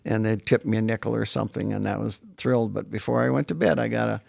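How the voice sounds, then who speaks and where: A gravelly, deeply creaky older man in his late seventies, raised in northern South Dakota with German as his first language. He talks as an interview guest, leisurely and reminiscing, often restarting his sentences. His voice sounds close and dry. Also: fairly even intonation, fast, a little mellow, dry recording. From northern South Dakota, USA. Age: 70s. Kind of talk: casual interview conversation.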